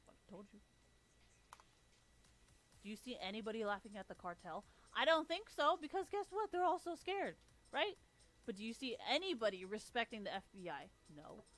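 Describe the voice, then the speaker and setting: A woman's voice: on the high side, sing-song, brisk, fairly bright tone. A woman on a livestream ranting with a profane, taunting, sarcastic manner. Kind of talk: livestream rant.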